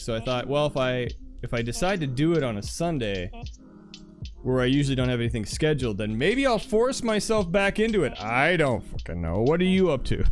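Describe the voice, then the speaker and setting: A man chatting casually with viewers on his live stream, laughing often and trailing off mid-sentence before starting over. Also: on the high side. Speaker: livestreamer.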